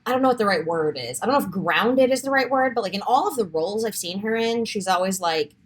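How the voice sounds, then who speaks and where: Woman cohost rambling casually, lots of laughs, animated pitch. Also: fast, breathy edge. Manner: laughs often, rambly and self-correcting. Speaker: podcast co-host. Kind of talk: casual chat.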